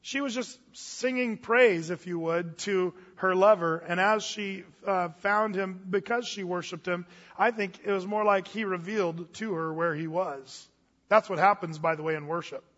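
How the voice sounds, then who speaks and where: A man's voice: high-pitched, a bit bright. A male pastor giving a sermon to his church in a casual, folksy way, with asides and restarts. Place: church hall. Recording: dull audio with long reverb in a church hall.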